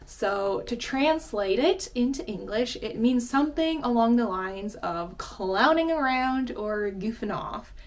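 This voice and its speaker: A woman's voice: fairly high pitch, lively intonation, a little slow, few pauses. A young woman giving a casual vocabulary lesson, chatty and giggly, laughing often between explanations. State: out of breath. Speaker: language teacher.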